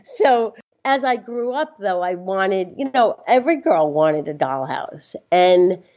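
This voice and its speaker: A woman guest telling a personal story in a casual, animated way, often laughing and acting out what others said. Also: mid-range voice, takes it slowly. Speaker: interview guest. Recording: slightly dull lo-fi sound.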